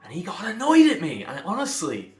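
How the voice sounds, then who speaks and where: A man's voice: sits high, wildly swooping pitch, brisk, a little mellow. A man coaching pronunciation, blunt and emphatic, repeating phrases to drive points home. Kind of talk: direct-to-camera lesson. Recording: echoey room with faint music.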